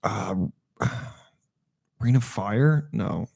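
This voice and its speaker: A man co-hosting a podcast, chatting casually, halting as he searches for words and swearing freely. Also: on the low side, gravelly, a little mellow, slightly rough. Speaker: podcast co-host. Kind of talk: casual chat.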